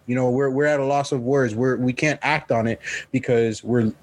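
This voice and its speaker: A man's voice: mid-range voice, normal speed, darkish tone. A man co-hosting a podcast in casual chat, rambling and profane with many restarts. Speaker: podcast co-host.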